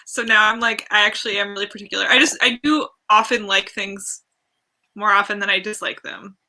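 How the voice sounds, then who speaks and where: A woman's voice: mid-range voice, fairly even intonation, a little fast, bright, forceful tone. A young woman hosting a casual book chat over a video call, opinionated and full of "like" fillers. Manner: chatty, opinionated, lots of "like" fillers. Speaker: host of a reading stream.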